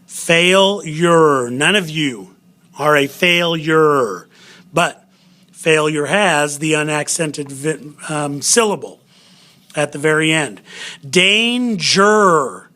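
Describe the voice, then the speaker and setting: A man's voice: a little high, sharp tone. A man teaching a recorded spelling lesson, patiently sounding out syllables and spelling words letter by letter.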